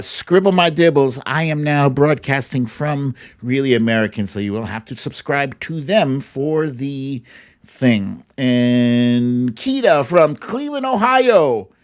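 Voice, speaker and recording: A man hosting a live stream, reading out viewers' greetings with playful, sing-song asides and little hums. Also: mid-range voice. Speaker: livestream host. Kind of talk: reading a live chat roll call.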